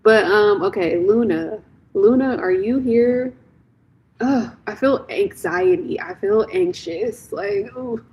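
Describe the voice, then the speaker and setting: A young woman hosts a tarot live stream with a husky, slightly breathy voice. She speaks unhurriedly and gives frank, blunt opinions. She repeats phrases for emphasis. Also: mid-range voice, slow pace, lo-fi sound. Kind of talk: casual live-stream chat.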